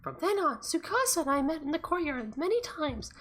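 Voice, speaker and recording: A woman voicing a high, lilting gentle schoolgirl. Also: big pitch swings, fairly quick. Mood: wistful. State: hoarse throat. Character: gentle teenage schoolgirl, earnest big-sister type. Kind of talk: voice-acting a visual novel.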